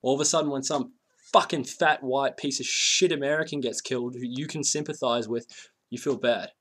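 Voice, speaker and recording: A man with a mid-pitched voice rants abrasively, swearing constantly in a crude comic tirade. His delivery is coarse and confrontational throughout. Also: steady tone, fairly quick, a bit bright, husky. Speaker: video ranter. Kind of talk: profane comic rant.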